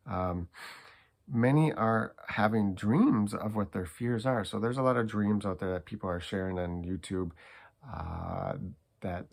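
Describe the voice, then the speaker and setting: A man with a low voice talks through a casual monologue for his spiritual channel. His tone has a gravelly edge, and he speaks in an earnest, soft-spoken way, stopping often to restart his sentences. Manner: halting and meandering, many fillers and restarts.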